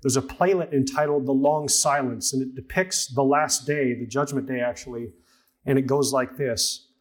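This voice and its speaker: A man's voice: medium pitch, steady tone, moderate pace. A man preaching a sermon, earnest, reading a story aloud to his congregation. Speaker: pastor.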